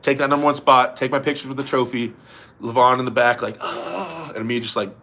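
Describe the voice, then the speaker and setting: A man's voice: mid-range voice, fairly even intonation, quick pace, pushed and bright, a little hiss or hum. Laid-back young man chatting on a livestream. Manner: laid-back, laughs often, swears casually. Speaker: livestream host. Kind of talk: casual livestream chat reading comments.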